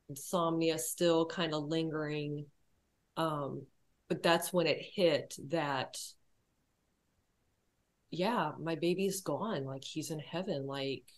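A woman telling her personal story as a podcast guest, quiet and reflective, hesitating often with fillers and restarts. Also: low voice.

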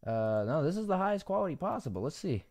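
A man's voice: fairly high pitch, big pitch swings, fast, a little mellow, no echo. A man hosting a commentary video, reacting to a clip with profane disbelief and frequent laughter. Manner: incredulous, profane, laughs often. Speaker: commentary channel host. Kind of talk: reacting to and narrating an online clip.

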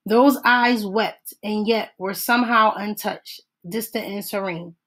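A woman narrating a novel in a steady, measured audiobook read-aloud. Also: medium pitch, low-quality recording.

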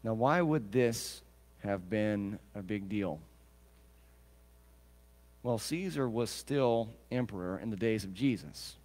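A man's voice: fairly low pitch, animated, slow pace, pauses often, darkish tone, long reverb tail. A male pastor preaching a sermon in a conversational way, with joking asides and questions to the congregation.

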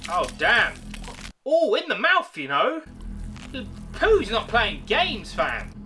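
Guy doing a film reaction, slow-talking, swings from mumbles to shouts. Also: sits high. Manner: excitable, swearing, laughing. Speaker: movie reactor. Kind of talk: casual reaction commentary. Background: film music playing.

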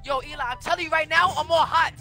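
A man playing a game online who boasts loudly and repeats his taunts at his opponent. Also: very high-pitched, steady tone, quick pace, over music. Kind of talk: trash-talking gameplay banter.

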